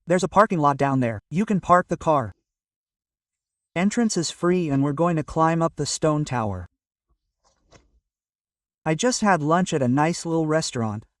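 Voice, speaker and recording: A man's voice: a little high, no room sound, studio quality, distant mic. A man narrating a casual hiking vlog outdoors, chatty and always telling viewers to look, panting as he climbs. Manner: chatty, keeps prompting viewers with "look" and "right?". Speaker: vlogger.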